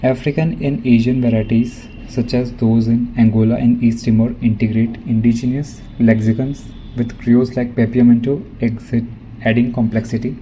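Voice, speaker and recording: A male student reading a prepared academic presentation, careful and measured, now and then correcting himself. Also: mid-range voice, little pitch movement, warm tone, slight background noise, low-quality recording.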